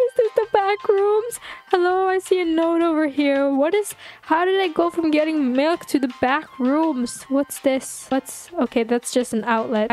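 Young woman gamer, high bright voice, excitable and chatty, light music under the talk. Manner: excitable, squealing when startled, chatty with viewers. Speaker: gaming YouTuber. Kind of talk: casual gameplay commentary.

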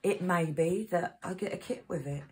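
A woman running a crafting channel chats in a rambling way while she works, reading out codes as she goes. Her fairly low, husky voice moves at normal speed, but the recording is low quality, with loud crinkling of packets behind her.

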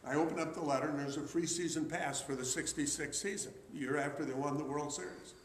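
A man's voice: on the high side, steady tone, fast, a little hiss or hum. Older man spinning stories in a roomy hall. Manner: chatty, rambling storyteller with frequent restarts and uh's. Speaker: memorabilia collector giving a talk. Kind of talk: anecdotal storytelling talk to an audience.

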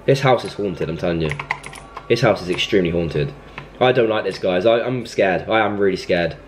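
A young man who makes gaming YouTube videos comments on a horror game as he plays, scolding it like a baby one moment and bursting into jumpy, panicky outbursts the next. His voice sits low and moves fairly quickly, with slight background noise.

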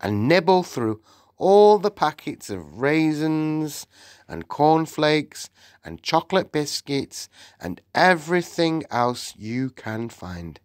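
A sensible young boy mouse explains things patiently, in a raised and lively voice, played by a man reading an audiobook. The delivery is slow and the sound close and dry. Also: a little high, dry recording, voice pushed up. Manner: patient, matter-of-fact, explaining.

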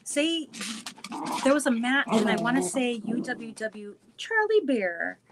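A woman's voice: fairly high pitch, very animated, a little slow, very noisy. A woman hosting a casual live-stream chat with viewers, bubbly and giggly, breaking off to coo at her dogs. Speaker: show host chatting with viewers.

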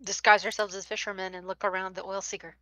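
A woman's voice: medium pitch, flat delivery, fast talker, pushed and bright, no echo, rough recording. A woman playing in a tabletop game, chatty and teasing. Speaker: player. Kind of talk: casual game chat.

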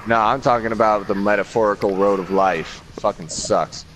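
A gamer with a low-leaning, fairly bright voice talks briskly with fairly even intonation while playing an online game with friends. He's exasperated and swearing when things go wrong, laughing at the failures; a little hiss or hum is audible.

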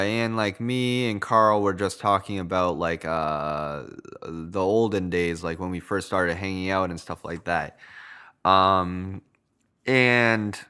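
A young man narrating a personal story in a loose, rambling way, full of filler words. His voice sits fairly low and sounds smooth and clear. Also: sharp tone.

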